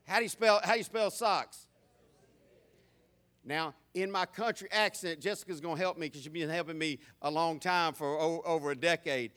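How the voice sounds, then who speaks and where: Male preacher, high bright voice, folksy joking delivery, lots of restarts. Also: moderate pace. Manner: folksy and humorous, with many stammered restarts. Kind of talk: sermon.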